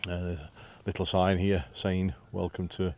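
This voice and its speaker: A vlogger with a low, mellow-ish voice narrates a casual walking vlog on a windy hillside path, speaking unhurriedly in a completely flat tone. He rambles chattily with many "uh" fillers and self-deprecating remarks, out of breath after the climb.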